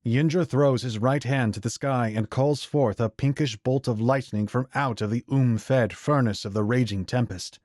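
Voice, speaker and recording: A man narrating a fantasy audiobook in a measured, even storytelling voice. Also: mid-range voice, no echo, clean studio sound.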